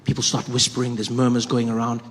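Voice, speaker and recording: Guy from south africa doing standup, lively storytelling, big hall reverb, faint crowd hum. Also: medium pitch, fast talker. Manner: animated storytelling, acting out characters. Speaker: comedian. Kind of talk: stand-up comedy.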